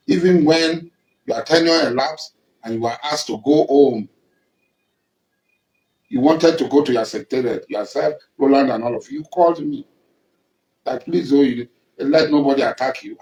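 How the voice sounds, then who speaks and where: Addressing rivals in a public statement, this Nigerian-accented militant leader is angry and accusing, confronting someone head-on and going over his points again and again. His fairly high voice has a slightly mellow quality, and the rough recording sounds roomy.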